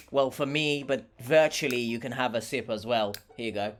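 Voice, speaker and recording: A man's voice: medium pitch, normal speed, soft background music. A young man, a vlogger, chatting casually and sarcastically while eating, rambling and talking with his mouth full.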